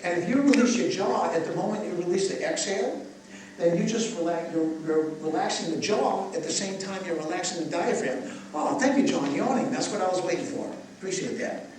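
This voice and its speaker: Older man, high-ish voice, guides breathing with easy humor, recorded far off in a roomy hall. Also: expressive, a little fast, slight background noise. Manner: gentle guiding questions, joking asides. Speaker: breathwork teacher. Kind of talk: guided breathwork talk to a live audience. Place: large echoey event space. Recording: echoey, distant live event recording with ambience.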